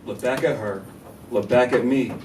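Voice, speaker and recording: A young man from North Carolina, performing a stand-up comedy set with animated storytelling and banter with the audience. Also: medium pitch, moderate pace, noisy background. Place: comedy club stage. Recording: echoey club taped from far. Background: laughing live audience.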